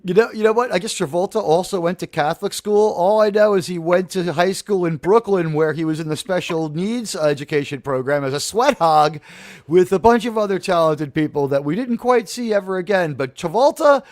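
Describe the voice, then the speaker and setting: A man hosting a live comedy talk show, rambling and joking in a loose, chatty way. His voice sits fairly high for a man, and it sounds dry and close, with little room echo. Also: fairly quick, darkish tone. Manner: rambling, jokey, with restarts. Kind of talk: casual live chat.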